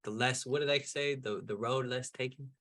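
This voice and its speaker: A man hosting a podcast, asking relaxed, chatty questions full of fillers over a video call. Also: mid-range voice, normal speed. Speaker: podcast host.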